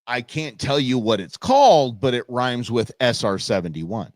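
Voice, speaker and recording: Animated, lively-voiced male livestream host. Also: medium pitch, moderate pace, no echo, studio quality. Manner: animated, laughs often, swears casually. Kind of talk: casual live chat reading viewer comments.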